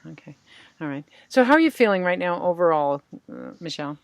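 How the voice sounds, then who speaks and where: Calm woman coaching a tapping session. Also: lowish voice, brisk, vocal fry, dry recording. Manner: calm, coaching, names tapping points for the guest to repeat. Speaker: EFT tapping practitioner and podcast host.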